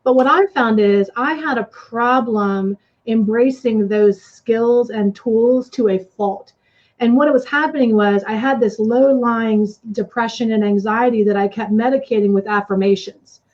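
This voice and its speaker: A woman life coach speaking as an interview guest, earnest and expressive with punchy phrasing. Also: fairly high pitch, measured pace. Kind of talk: casual interview talk. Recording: slightly dull lo-fi sound.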